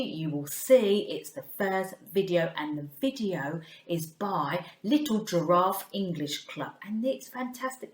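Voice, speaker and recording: Woman teacher for a kids' phonics video, playful and coaxing, slips into whispers, unhurried delivery, echoey room. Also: fairly low pitch. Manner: talks to a puppet for the children. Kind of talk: children's phonics lesson.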